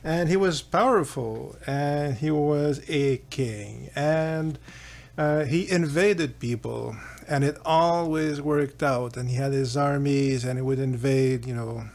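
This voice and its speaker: Slow, gravelly man telling a story. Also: mid-range voice, a little mellow. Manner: rambling, with fillers and chuckles. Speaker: philosophy channel host. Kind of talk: casual storytelling lecture.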